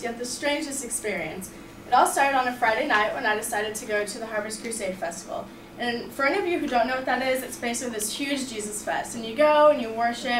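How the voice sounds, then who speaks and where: A woman's voice: fairly high pitch, a bit bright. Chatty young woman telling a story in an echoey room. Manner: chatty, upbeat, lots of "like" and "you know". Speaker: student storyteller. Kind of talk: personal story told to a class. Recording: echoey room, far from the mic, faint background noise.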